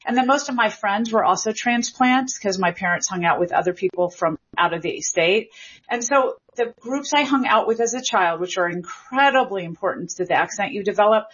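A woman in her forties from Memphis talks as an interview guest, thoughtful and explanatory with small restarts. Her voice is somewhat husky and breathy. The sound is dull and muffled like an older broadcast. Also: mid-range voice, fairly quick, a bit bright. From Memphis, Tennessee. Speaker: linguistics professor, guest. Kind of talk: interview conversation.

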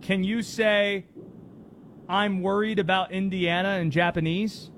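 A man's voice: high-pitched, level tone, measured pace, a bit bright, a little hiss or hum. A man hosting sports talk radio from a studio, driving his points home with rhetorical questions.

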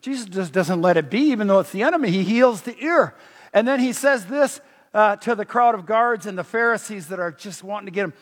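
A man preaching a sermon, animated and emphatic, often restarting his phrases. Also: high-pitched, fairly quick, in a large hall.

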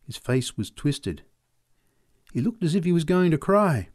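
A man reading short stories aloud in a measured storytelling manner. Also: no echo, clean studio sound. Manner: measured storytelling, lively pitch. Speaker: reader. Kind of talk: audiobook narration.

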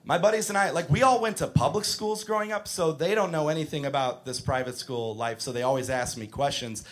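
A man doing a stand-up routine, profane and animated, shouting his punchlines. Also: a little high, brisk. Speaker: stand-up comedian.

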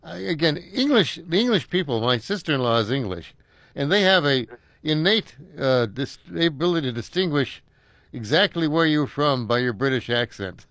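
An older American man chatting casually, rambling and chuckling, pausing often with halting fillers. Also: fairly high pitch, lively intonation, fairly bright tone, no room sound, clean studio sound. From United States. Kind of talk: casual chat.

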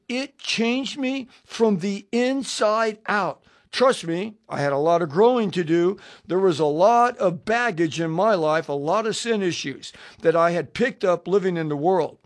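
An older male radio preacher with a notably high voice for a man. He delivers a personal testimony sermon, animated and storytelling, slipping into the voices of the people in his tale. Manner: animated storyteller acting out dialogue.

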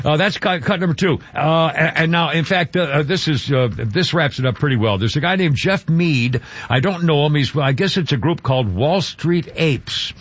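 A rambling older man hosts a talk radio show, his slightly high voice stopping and restarting around fillers. The sound is dry and a little dull, with no room around it, the way a studio broadcast comes through. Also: normal speed, breathy edge, dry recording. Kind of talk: talk radio monologue and live read ad. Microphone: studio microphone.

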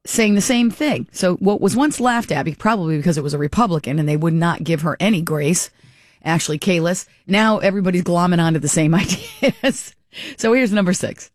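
A woman's voice: on the low side, brisk, no room sound, clean studio sound. A woman hosting a talk radio show, giving chatty, opinionated political commentary with frequent restarts.

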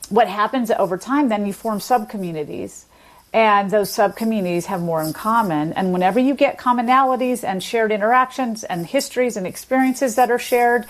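Woman explaining speech like a linguist. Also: medium pitch. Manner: fluent, lecturing with technical terms. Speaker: linguist guest. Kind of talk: explanatory interview talk.

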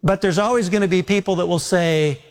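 A man's voice: high-pitched, a little fast. A male pastor preaching a sermon in a folksy, repetitive way, telling homely stories. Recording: long reverb of a large hall.

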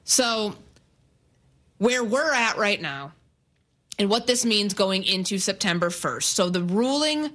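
A woman filling in as host on a sports radio show, teasing her co-host in brisk banter and reading news updates with care. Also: mid-range voice, lively intonation, fairly bright tone. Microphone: studio microphone.

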